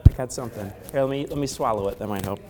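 A man with a hoarse voice from a head cold, preaching a sermon in a chatty way and asking the congregation questions. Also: mid-range voice, very fast, music in the background. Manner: conversational, asks the congregation questions. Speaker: pastor. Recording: long hall reverb.

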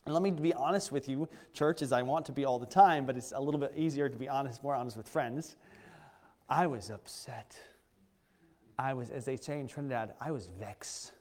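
A man's voice: mid-range voice, quick pace, few pauses, a little mellow. A man preaching a personal testimony as a missionary pastor, in an earnest, conversational way with frequent restarts. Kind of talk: sermon testimony. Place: church sanctuary. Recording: echoey church hall.

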